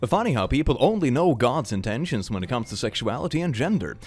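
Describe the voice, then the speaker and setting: Animated jokey man reading memes. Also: mid-range voice, fast, slightly rough, faint music behind. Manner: animated and jokey, laughs often, drops into silly voices. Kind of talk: casual commentary on memes. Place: home.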